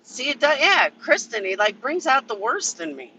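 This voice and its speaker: A man's voice: very high voice, big pitch swings, moderate pace, bright, forceful tone, slight background noise, rough recording. A man ranting casually and profanely on a livestream from a vehicle, answering chat members by name. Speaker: livestream commentator.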